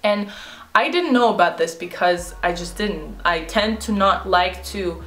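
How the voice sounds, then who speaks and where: A young woman tells a casual storytime straight to camera. She talks in quick bursts and says "like" every few words. Her voice sits at an ordinary pitch, with a roomy echo around it and soft music underneath. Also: animated. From Russia. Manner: chatty, rapid, peppered with "like". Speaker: vlogger.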